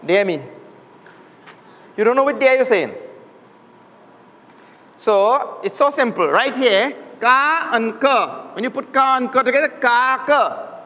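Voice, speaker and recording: A man's voice: very high-pitched, lively intonation, a little slow, pauses often, fairly bright tone. A man from Trinidad and Tobago teaching a Sanskrit class, drilling sounds aloud for the students to repeat. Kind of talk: classroom lesson. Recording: long hall reverb.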